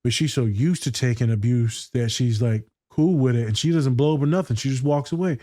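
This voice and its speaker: Guy with a warm low-key voice, cussing and telling stories, super dry sound. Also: fairly quick, no echo. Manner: profane, slangy, storytelling. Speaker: podcast co-host and school therapist. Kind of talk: casual chat reacting to a TV scene.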